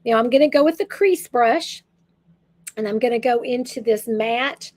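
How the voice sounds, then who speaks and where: A woman's voice: on the high side, moderate pace, a little mellow. An older woman, chatting casually and rambling through a makeup tutorial as a makeup consultant. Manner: chatty, rambling, self-correcting.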